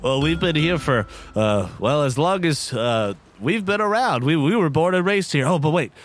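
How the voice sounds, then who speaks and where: A man's voice: on the high side, expressive, moderate pace, slight background noise, lightly acted. A man voicing a friendly, folksy male deer creature who rambles and hesitates in a homespun way.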